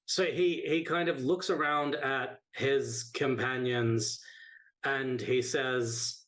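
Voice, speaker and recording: A man describing his dwarf character's reactions as a player in a tabletop game, in a measured, wordy way. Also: medium pitch, steady tone, fairly bright tone, poor audio.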